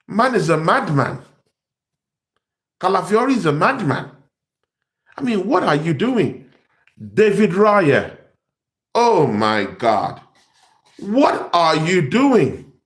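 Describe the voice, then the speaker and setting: Ranting young man. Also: on the high side. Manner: exasperated ranting, repeats himself. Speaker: football fan channel host. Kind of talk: ranting fan reaction. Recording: echoey room.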